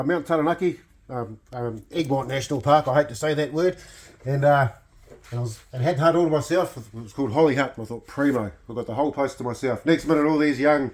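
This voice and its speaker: A man's voice: a little high, brisk. New Zealand man spinning a yarn. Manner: animated yarn-spinner, swears freely. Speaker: friend telling stories. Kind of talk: casual storytelling.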